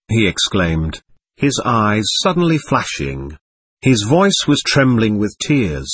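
A man narrating a classic novel as an audiobook, in a steady storytelling manner. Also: lowish voice, unhurried, breathy edge, no echo.

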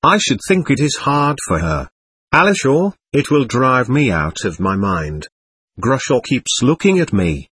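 A man's voice: medium pitch, very animated, a little slow, a bit bright, slightly rough, no room sound, exaggerated voice. A man voicing a passionate, anguished young prisoner, speaking fervently and pleadingly.

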